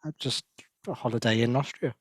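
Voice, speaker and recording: A man's voice: mid-range voice, fairly quick, breathy edge, dry recording. A man co-hosting a casual chat show, reading hesitantly with frequent fillers and chatting about travel. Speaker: podcast co-host.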